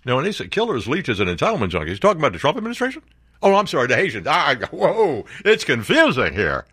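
Sarcastic, lively male radio talk host. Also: mid-range voice, fast, slightly rough, dry recording, clean studio sound. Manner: sarcastic, incredulous, animated. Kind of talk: opinionated talk radio monologue.

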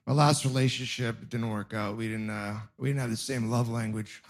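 A man's voice: medium pitch, normal speed. A man in his thirties doing a stand-up set, telling self-deprecating stories and talking straight to the crowd. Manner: self-deprecating storytelling, animated asides to the audience. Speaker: stand-up comedian. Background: audience laughter.

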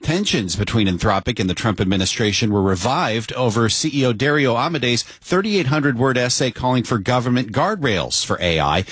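A man reading scripted radio news as the morning anchor, in a crisp, measured way. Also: mid-range voice, lively intonation, fairly bright tone, no room sound. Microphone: studio microphone.

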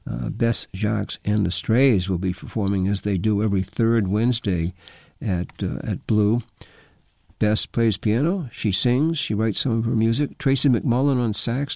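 Low-voiced man reading a jazz calendar. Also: darkish tone, dry recording, clean studio sound. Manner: unhurried, slightly halting with small asides. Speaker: radio jazz calendar host.

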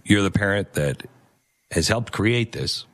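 A man's voice: lowish voice, expressive, a little slow, fairly bright tone. A man hosting a commentary show, talking in an emphatic, preachy way and repeating phrases for effect. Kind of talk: opinionated monologue commentary.

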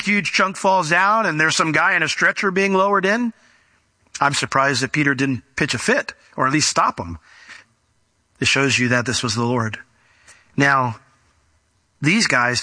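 A man's voice: medium pitch, sharp tone, no room sound. A man preaching a sermon in a conversational way, with restarts and rhetorical questions. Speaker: pastor.

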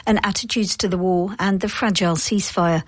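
A woman reporter giving scripted news narration in a measured, grave way. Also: mid-range voice, steady tone, dry recording, clean studio sound.

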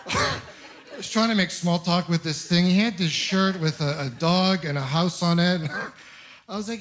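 A young man from Ontario doing a stand-up comedy set, telling stories deadpan with bursts of mock outrage. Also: sits high, fairly quick. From Ontario, Canada. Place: comedy club stage with audience laughing.

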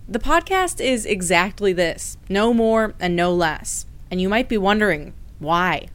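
A woman radio reporter narrating a scripted news feature in a measured, clear delivery. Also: medium pitch, lively intonation.

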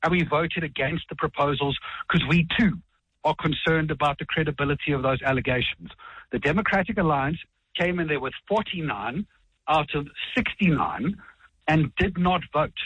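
A South African man speaks in a broadcast political debate, pressing his case with assertive, point-by-point rebuttals. His voice sits a little high and has a husky edge. The recording sounds dull and lo-fi, like broadcast audio. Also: a bit bright, dry recording. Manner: assertive, rapid rebuttals, quotes rules. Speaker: political party spokesman.

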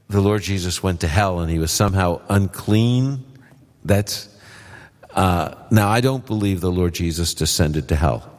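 A man answering Bible questions before a live audience, explaining in a relaxed, conversational way. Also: deep voice. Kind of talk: call-in Bible Q&A. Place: live event hall with audience. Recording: long hall reverb.

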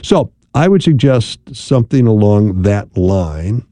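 A man hosting a call-in radio advice show as a marriage therapist, speaking in a calm, measured way and often checking in with "right?". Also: fairly low pitch, dry recording, clean studio sound.

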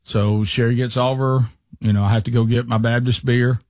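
A man's voice: medium pitch, fairly quick, no room sound. Man telling a story. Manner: animated storyteller, acts out quotes. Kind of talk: casual storytelling chat.

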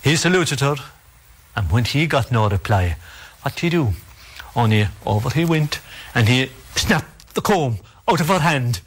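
A man's voice: mid-range voice, expressive, husky. Irish man telling a spooky folk tale. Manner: measured and dramatic, with repetitions and pauses. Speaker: storyteller. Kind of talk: oral folk storytelling.

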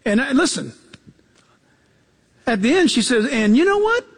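A man preaching a sermon as pastor, telling stories in an animated way and acting out the quotes, repeating key phrases for emphasis. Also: measured pace, big-room sound. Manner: animated storytelling, acts out quotes with jumps in pitch.

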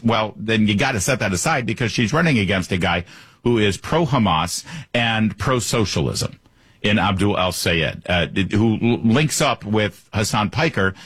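Male radio host, husky low voice, dry close sound, opinionated and chatty. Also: fairly bright tone, dry recording. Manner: conversational, opinionated, with fillers. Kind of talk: political talk radio commentary.

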